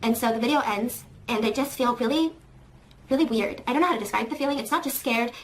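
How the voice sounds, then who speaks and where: A woman recounts a personal experience at a rapid pace, in a fairly high voice. She sounds shaken and halting, often trailing off as she searches for words. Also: a little hiss or hum. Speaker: YouTuber in a played clip. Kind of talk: personal storytelling.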